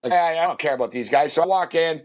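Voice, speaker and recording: Man, sports podcast co-host, rambling anecdote, fillers, slightly high pitch. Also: fast. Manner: rambling, lots of fillers, acts out quotes. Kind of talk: casual storytelling.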